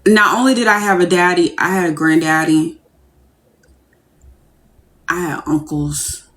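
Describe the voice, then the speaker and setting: A young woman ranting casually on a livestream, brash and profane, breaking into giddy squeals when she acts out her excitement. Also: on the low side, measured pace.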